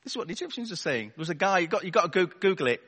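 In a reverberant church hall, a wry, chatty male preacher races through a sermon, his high voice swinging widely in pitch with a slightly bright, breathy edge. He peppers the live congregation with rhetorical questions over a wireless battery mic, and the large space leaves a long reverb.

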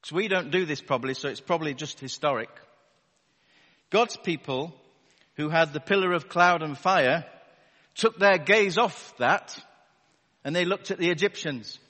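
A man preaches a sermon to a live congregation in a church hall, conversational and wry, throwing rhetorical questions at his listeners. His voice is a little high and fairly bright at normal speed, carried by a wireless battery microphone with the long reverb of a large hall.

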